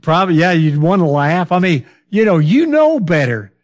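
A man preaching a Bible-study sermon, talking slowly and conversationally, asking his listeners questions and now and then losing his train of thought. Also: fairly high pitch, lively intonation. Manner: fillers and restarts, loses his train of thought.

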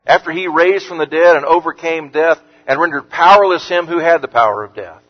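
A man preaching an earnest sermon as pastor, lifting his voice on scripture quotes and dropping low and soft on words of comfort. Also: fairly quick. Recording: muffled sound with long hall reverb.

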